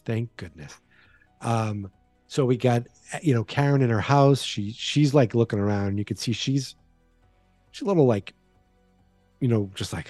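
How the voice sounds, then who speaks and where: Male podcast host, dark mellow tone, dry close sound, loose chatty recap style. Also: mid-range voice, dry recording. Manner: rambling, chatty, frequent fillers and restarts. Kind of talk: casual horror movie recap.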